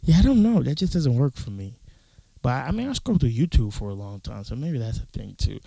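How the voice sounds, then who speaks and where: Gravelly, animated young man ranting. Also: medium pitch, fairly quick, no room sound, rough recording. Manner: profane, rambling, animated. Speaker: podcast host. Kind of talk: casual solo podcast rant. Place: his closet. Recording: dry closet recording.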